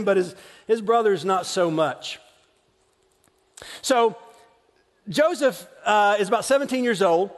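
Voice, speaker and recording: A man in his forties with a high voice preaches in a big hall, telling stories in a conversational sermon style. He's chatty and self-deprecating, with frequent restarts and asides, and the large hall gives the recording a long reverb.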